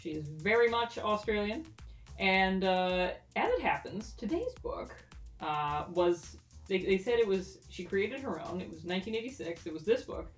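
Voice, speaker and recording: A woman's voice: mid-range voice, animated, moderate pace, recorded from a distance, faint music behind. Woman podcast co-host, jokey and playful; echoey room, sits back from the mic. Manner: playful, jokey, laughs often. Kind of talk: casual chat.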